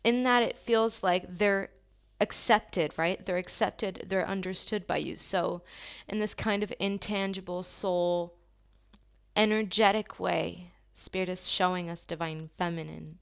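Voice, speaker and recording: A woman giving a channeled tarot reading to her viewers, talking softly and slowly in an affirming way, with long pauses. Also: on the low side, steady tone, vocal fry, smooth. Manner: soft, slow and affirming, with drawn-out pauses.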